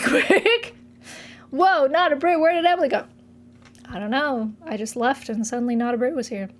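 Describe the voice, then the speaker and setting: A woman's voice: a little high, slight background noise. A woman livestreaming in casual chat, giggly and a little scattered as she talks to herself and her chat. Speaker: streamer.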